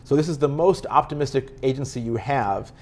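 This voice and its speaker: A man, an author and technologist, giving measured, explanatory answers in an interview. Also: medium pitch. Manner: earnest, explanatory, steady.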